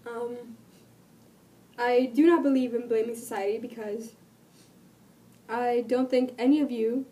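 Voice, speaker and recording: A woman's voice: a little high, steady tone, unhurried, mellow, far from the mic. Sick woman with a cracking voice. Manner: earnest and rambling, with many ums. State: sick, voice cutting in and out. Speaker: vlogger. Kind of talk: casual talk to camera.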